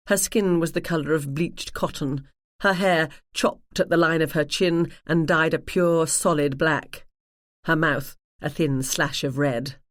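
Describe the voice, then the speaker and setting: A woman audiobook narrator reading a first-person mystery in a wry, measured manner. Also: sits low, no echo, studio quality.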